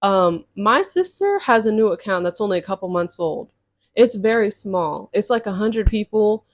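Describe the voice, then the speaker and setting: A woman's voice: medium pitch, animated, moderate pace, no room sound, studio quality. A young woman from California telling a casual storytime in a chatty, exasperated, slangy way. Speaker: storytime vlogger.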